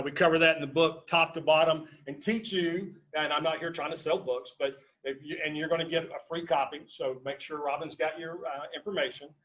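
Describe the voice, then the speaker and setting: A man's voice: on the high side, fairly bright tone, lo-fi sound. Emphatic man teaching a seminar. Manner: storytelling, emphatic, repeats key points. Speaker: seminar speaker on real estate investing. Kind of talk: live seminar talk to a room and online audience. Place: seminar room with live audience.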